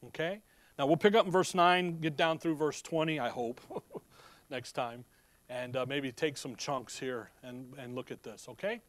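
A man's voice: medium pitch, normal speed, no room sound. A man preaching a sermon in a conversational, storytelling way. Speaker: pastor.

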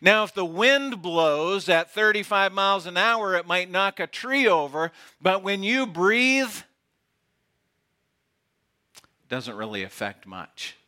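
Brief: male pastor, sermon delivery, bright tone, slow deliberate pace, playful asides. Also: on the high side. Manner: playful, teasing, drops to a hush for effect. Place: outdoor gathering with camp chairs.

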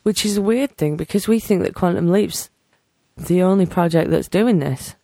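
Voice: medium pitch, normal speed, gravelly, warm tone, no room sound, studio quality. A podcast co-host in a casual discussion, recapping the plot and acting out quoted lines.

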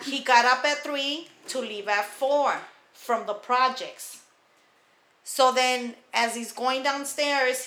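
Profane storytelling woman, bright voice. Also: sits high. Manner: profane, animated, acts out quoted people. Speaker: podcast co-host. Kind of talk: casual storytelling. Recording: echoey room.

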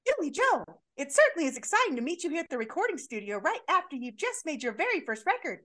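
A woman's voice: high voice, very animated, quick pace, a bit bright, voice pushed up. A woman doing a chirpy mom interviewer voice. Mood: excited. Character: cheery female TV interviewer, a bandmate's mom.

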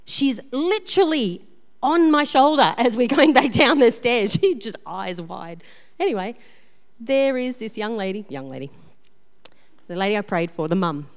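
A woman pastor preaching a sermon, telling personal stories in a lively, self-deprecating way. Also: on the high side, normal speed. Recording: long reverb of a large hall.

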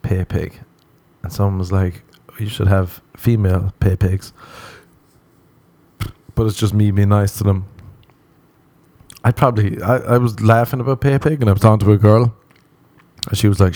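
A man's voice: fairly low pitch, steady tone, normal speed, mellow, no room sound. A young Irish man telling crude, self-mocking comic stories and laughing at his own jokes. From Ireland. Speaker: comedian. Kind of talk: comedic monologue.

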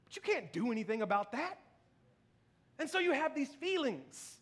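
At a moderate pace and in an extremely high, sing-song voice, a male pastor in his thirties preaches his sermon. He's casual and self-deprecating, breaking into laughter often and repeating "you know what I mean."

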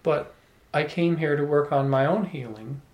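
A man telling a personal story to a small audience, animated, often laughing and restarting his words. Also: on the high side, moderate pace. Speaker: salon speaker. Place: room with a small live audience. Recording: echoey room.

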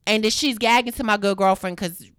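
Blunt, foul-mouthed woman with a smooth voice. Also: medium pitch, brisk, a bit bright, dry recording, clean studio sound. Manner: blunt and profane, acting out quoted dialogue. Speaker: storyteller. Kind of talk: casual storytelling.

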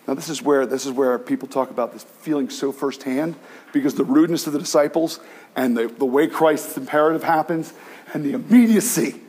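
Pastor guy preaching, high voice, lots of restarts, acts out the quotes, drifts off mic sometimes. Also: normal speed, slightly rough. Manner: animated, many restarts, acts out quoted cries. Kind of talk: sermon.

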